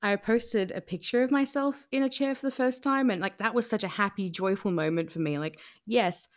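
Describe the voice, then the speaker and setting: A woman's voice: mid-range voice, a little fast, hardly any pauses. A woman guest in an interview, speaking candidly and emotionally with many fillers and restarts.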